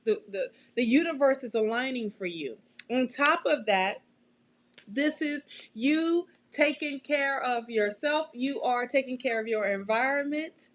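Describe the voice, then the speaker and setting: A woman hosting a live tarot reading, chatty and quick to laugh, often checking in with her listeners. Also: high-pitched. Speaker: tarot reader and show host.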